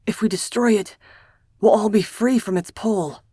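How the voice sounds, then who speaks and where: A woman voicing Simon, gentle urgent brother. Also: medium pitch, normal speed, slightly rough, no room sound, clean studio sound, natural voice. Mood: tender urging. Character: protective young male mage brother, gentle.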